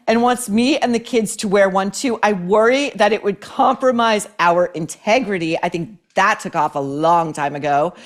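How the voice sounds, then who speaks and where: A woman with a medium-pitched voice hosts a podcast where she reads advice letters and listener emails aloud. She answers them with blunt, sarcastic, profane commentary.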